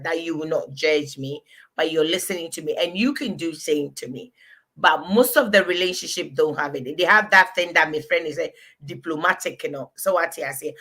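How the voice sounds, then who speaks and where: A Ghanaian woman with a bright, forward voice chats as a guest in a relaxed talk show. She tells her stories with plenty of animation and lively rises in tone. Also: low voice. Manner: animated, storytelling, breaks into laughter. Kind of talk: casual talk show chat.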